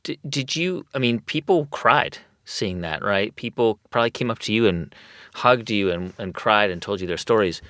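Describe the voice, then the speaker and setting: A man hosting an interview and asking measured, searching questions. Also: fairly low pitch, animated, fairly bright tone, no room sound, studio quality. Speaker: podcast host.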